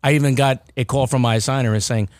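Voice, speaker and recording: A man's voice: medium pitch, fairly even intonation, quick pace, no room sound, clean studio sound. A man hosting a casual podcast chat, rambling with restarts and repeated words. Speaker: podcast host.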